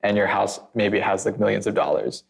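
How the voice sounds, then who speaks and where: A man's voice: fairly low pitch, brisk, vocal fry, husky. A man, a former penetration tester, talking as a podcast guest in a casual, rambling way, full of filler words and blunt warnings. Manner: blunt and emphatic.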